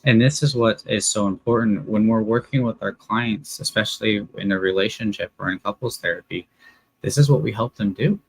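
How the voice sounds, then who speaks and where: Husky-voiced man co-hosting a relationship Q&A. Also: on the low side, brisk, low-quality recording. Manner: earnest, explains and prompts his co-host. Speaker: relationship coach, co-host. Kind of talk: live Q&A discussion.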